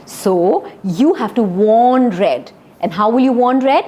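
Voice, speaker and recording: A woman's voice: on the high side, lively intonation, slow, hardly any pauses, warm tone. A woman telling a fairy tale to children, coaxing them to act along and praising them. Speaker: children's storyteller. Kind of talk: interactive story enactment for kids.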